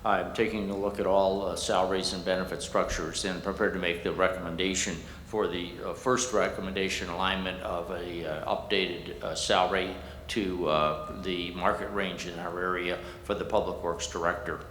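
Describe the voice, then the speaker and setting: A man's voice: low voice, flat delivery, moderate pace, few pauses, a bit bright. A man speaking as interim village administrator, giving a formal, hesitant report to the board with many uh's. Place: village board meeting hall. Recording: echoey hall, long reverb, faint background noise.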